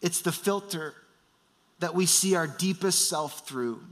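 A man's voice: a little high, unhurried, a bit bright. A man in his thirties preaching an earnest sermon, building emphasis through repeated phrases. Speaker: pastor.

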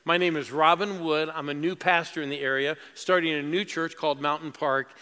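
A crowd sits behind a middle-aged male pastor whose sermon echoes through a large, reverberant church auditorium as he tells stories emotionally, climbing to exclamations. His high-leaning voice is pushed, bright and smooth, fairly quick with fairly even intonation.

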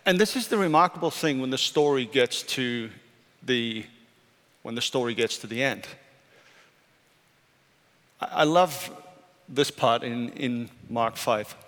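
A male pastor preaching a sermon, moving between urgent raised questions and quiet, hushed statements. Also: mid-range voice, measured pace, pauses often. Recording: church hall reverb with soft music.

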